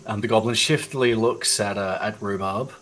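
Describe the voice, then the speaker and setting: A man's voice: fairly low pitch, fairly even intonation, moderate pace, fairly bright tone, poor audio. A man narrating a tabletop game as dungeon master, hesitant and often laughing. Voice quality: hesitant, full of ums and laughs.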